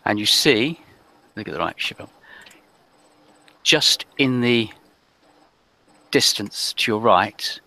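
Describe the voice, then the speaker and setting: A man's voice: on the low side, animated, slow pace, long pauses, bright, forceful tone, dry recording, rough recording. A man narrating as game master of a tabletop game, hesitant with frequent ums.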